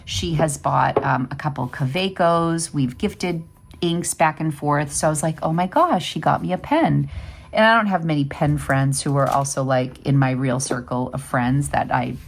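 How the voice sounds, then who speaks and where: A woman's voice: low voice, fairly even intonation, normal speed, creaky. A woman in her fifties hosting a vlog, chatting casually and rambling with lots of fillers. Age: 50s. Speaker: vlog host. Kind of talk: casual chat.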